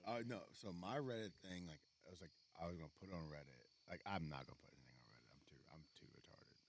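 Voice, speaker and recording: A man's voice: low-pitched, fast talker, creaky, slight background noise. A young man on a casual podcast, rambling and stumbling through crude questions. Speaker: podcast co-host.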